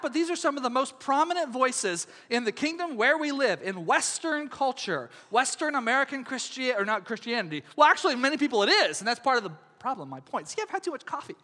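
A man preaching a sermon as pastor, in a lively, conversational way, often asking the congregation whether they follow. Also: extremely high pitch, big-room sound. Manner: animated, conversational, asks audience questions.

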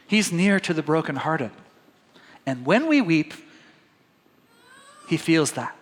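A man's voice: fairly high pitch, very animated, takes it slowly, long pauses, big-room sound. A man preaching a sermon, reading scripture aloud and talking it through conversationally with his congregation. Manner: conversational, addresses congregation as "guys". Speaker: pastor.

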